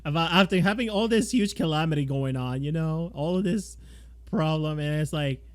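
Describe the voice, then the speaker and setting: A man's voice: on the high side, moderate pace, dry recording. A man chatting casually and laughing as he comments on a game he plays. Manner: laughing, offhand. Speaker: game player. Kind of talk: let's play commentary.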